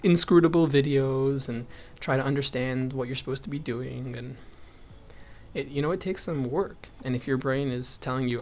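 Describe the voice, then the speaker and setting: A man's voice: mid-range voice, moderate pace, darkish tone. A young man in casual chat, thinking aloud and going off on tangents as he crochets, with frequent chuckles. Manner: rambling, goes off on tangents; chuckles often, thinks aloud while counting stitches. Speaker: vlogger.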